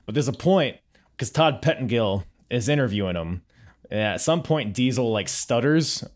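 A man's voice: medium pitch, lively intonation, normal speed. Chatty laughing podcast host man. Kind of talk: casual podcast chat.

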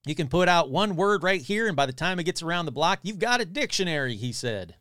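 A man's voice: high voice, animated, fast, a bit bright, smooth, no echo, studio quality. A man hosting a podcast, casually reading a newspaper article aloud and breaking off with wry, grumbling asides. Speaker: podcast host.

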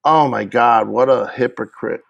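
A man co-hosting a podcast, chatting casually in an excitable, rambling way that is full of restarts. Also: medium pitch, unhurried, gravelly, dull audio. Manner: rambling, excitable, laughs often, many restarts. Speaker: podcast co-host. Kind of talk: casual chat.

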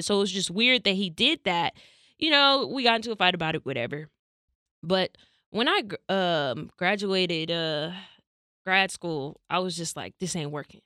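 With a voice on the low side, this young Californian woman chats casually as a podcast host, recounting a personal story. She animatedly performs the dialogue she quotes, captured in clean studio sound without any room sound.

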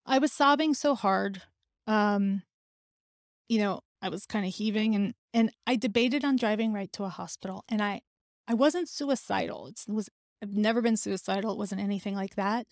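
A woman's voice: mid-range voice, moderate pace, dry recording, studio quality. A woman hosting a podcast, telling a personal story in an earnest, emotional and candid way. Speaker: podcast host.

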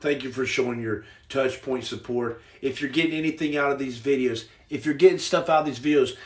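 A man hosting a casual livestream, reading viewer comments, joking loudly in slang and turning soft and earnest. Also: medium pitch, fairly quick, echoey room, far from the mic. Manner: boisterous, jokey, slangy, swings to soft earnest. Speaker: livestream host.

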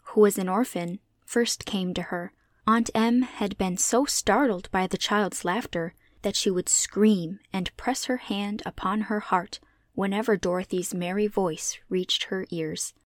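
Female narrator for a classic children's book, steady and clear, dry close recording. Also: mid-range voice, dry recording. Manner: measured, clear read-aloud delivery. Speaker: audiobook reader. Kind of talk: scripted storybook narration.

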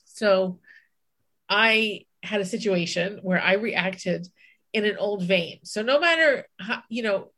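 A woman's voice: medium pitch, slow pace, a bit bright. Candid woman telling a story on a podcast. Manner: candid storytelling, swears, acts out her own inner voice. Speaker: podcast co-host. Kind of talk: casual chat.

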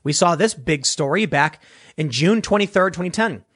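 A man's voice: on the high side, animated, normal speed, a bit bright. A man giving blunt, sarcastic political commentary, reading news clippings aloud and often correcting himself mid-sentence.

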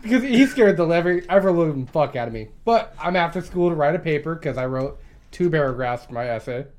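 A man's voice: a little high, expressive, brisk, a little mellow. A young man co-hosting a casual chat with friends, telling crude stories, swearing freely and laughing often. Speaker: podcast co-host.

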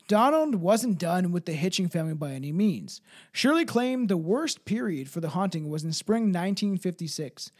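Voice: mid-range voice, darkish tone. Sweary, laughing podcast host. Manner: swears a lot, laughs, restarts words. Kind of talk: casual chat and reading a story.

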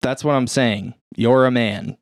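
A man reading aloud, voicing a brisk, matter-of-fact male surgeon explaining things at a bedside. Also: mid-range voice, steady tone, vocal fry, no room sound, studio quality. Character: brisk middle-aged male hospital surgeon.

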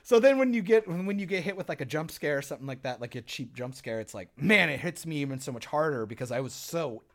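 Speaking fast in a slightly high, raised voice, a young man swaps stories in a casual podcast chat. He is animated and profane, acting out how he reacted, and keeps things loose.

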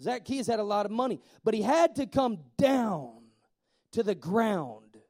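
Male pastor, high mellow voice, animated storytelling sermon. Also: unhurried.

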